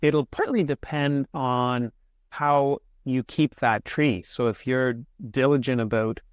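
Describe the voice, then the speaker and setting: Calm explaining man, dry close sound. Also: mid-range voice, slow, clean tone, no echo. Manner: patient, explanatory, frequent restarts. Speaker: horticulturist guest. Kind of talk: casual interview answers.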